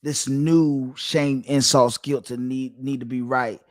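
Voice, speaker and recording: A man's voice: medium pitch, little pitch movement, slow pace. A man hosting his own channel, talking straight to his viewers in a lecturing, emphatic monologue that circles back and repeats its points. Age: adult, father of two. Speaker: channel host giving dating commentary. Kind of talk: direct-to-camera monologue.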